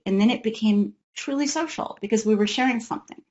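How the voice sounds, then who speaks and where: A woman's voice: medium pitch, fast talker, hardly any pauses, warm tone, dull audio. A woman, the parent of an autistic son, giving an educational talk on autism care in a conversational way, acting out the voices of parents and kids.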